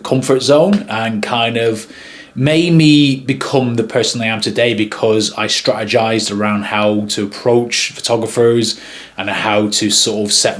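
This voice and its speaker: A wedding videographer tells a story to camera, chatty and rambling, with frequent pauses. His voice is lowish.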